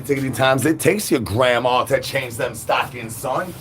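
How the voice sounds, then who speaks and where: A man rambles through an absurd monologue, full of sing-song rhymes and silly made-up words. His voice sits in an ordinary middle pitch. Faint background hiss runs under the recording. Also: normal speed, hardly any pauses. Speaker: livestream host.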